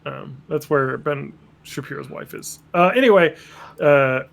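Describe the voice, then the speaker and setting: A man's voice: a little high, a little slow, gravelly. A man casually chatting as a podcast host, rambling with crude jokes and acting out quotes. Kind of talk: casual chat recapping a cartoon episode.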